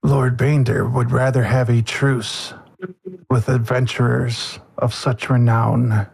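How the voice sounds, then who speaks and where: A man voicing a polite, breathy mummy servant who welcomes adventurers. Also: medium pitch, level tone, slow pace, a little mellow, full character voice. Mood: formal welcoming.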